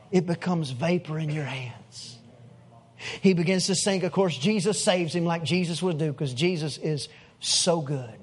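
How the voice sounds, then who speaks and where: A man preaching a sermon as pastor, telling Bible stories with animated acted-out lines. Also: sits high. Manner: animated storytelling, acting out characters' lines.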